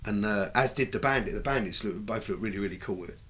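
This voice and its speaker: A middle-aged British man telling stories in a casual chat, lively and swearing freely as he acts out what people said. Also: on the low side, fast. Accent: British English. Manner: animated, acts out quoted dialogue, swears freely. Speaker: bike builder, guest. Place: recording studio.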